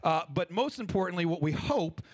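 A man leading a live audience through an improv warm-up on a festival stage, playful and energetic, coaching them through each step. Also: high voice, normal speed. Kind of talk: stage workshop talk with freestyle rap.

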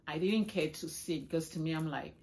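A middle-aged woman chatting casually in a home vlog, exclaiming excitedly while she opens gifts. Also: low voice, a little fast. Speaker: vlogger.

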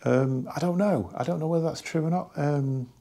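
Man, gravelly low voice, mellow tone, rambling casual record-collector vlog, lots of restarts. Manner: rambling and enthusiastic, many pauses and restarts. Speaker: record collector reviewing an album.

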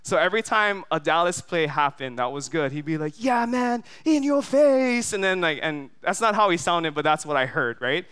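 A man from Hawaii preaching in an animated storytelling way, with a bright, forceful and smooth voice pitched a little high. He keeps turning to the congregation with quick asides. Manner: animated storyteller, many fillers, asks the crowd "right?". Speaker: pastor. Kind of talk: sermon with storytelling. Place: church service.

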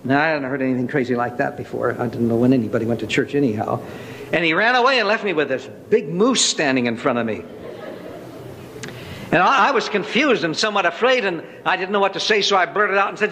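An older preacher tells his conversion story in a lively, dramatic way. His voice is bright, forceful and fairly high. It rings in a large church hall with long reverb and faint background noise. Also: quick pace. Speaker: preacher giving a testimony. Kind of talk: sermon storytelling.

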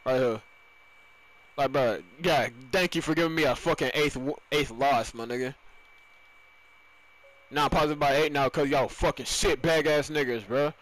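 A young man giving raging, profane gameplay commentary, yelling in frustration and then dropping to low muttering. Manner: swings between loud outbursts and low muttering. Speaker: gamer.

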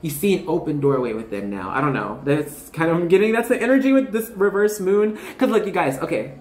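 A woman's voice: on the low side, lively intonation, brisk, darkish tone, reverberant. A woman in her twenties giving a casual, rambling tarot reading to her viewers, full of fillers and bubbly asides. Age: 20s. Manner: rambling, filler-heavy, bubbly and self-interrupting. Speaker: tarot reader.

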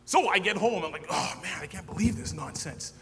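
A man, a minister, telling his personal testimony to a gathering, acting out the dialogue with lively energy. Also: high voice, fairly quick, crowd noise. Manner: animated storyteller who acts out dialogue. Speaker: ordained minister sharing testimony. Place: large hall at a church gathering. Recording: long hall reverb with faint hum.

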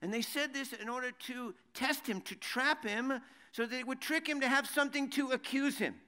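A man's voice: very high voice, moderate pace, pushed and bright, clear, resonant tone. A man teaching a sermon, conversational, with many rhetorical questions and restarts, reading verses in Hebrew and translating them. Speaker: Bible teacher.

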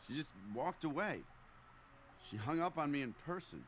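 Gentle cartoon teen boy, high-pitched, lively, hesitant. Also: moderate pace, a little hiss or hum. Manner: soft-spoken, hesitant. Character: earnest, gentle teenage boy musician.

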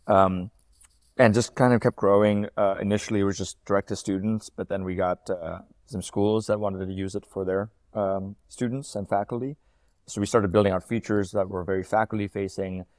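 A man in his thirties, a company founder talking as an interview guest, quick and fluent with frequent ums and uhs. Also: fairly low pitch, fairly even intonation, darkish tone, no room sound, studio quality. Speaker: startup founder and CEO, guest. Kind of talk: casual interview talk.

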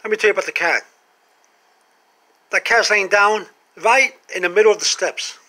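A man with a high, bright voice delivers an animated comic monologue straight to camera. He keeps firing rhetorical questions and pauses for effect. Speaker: vlogger.

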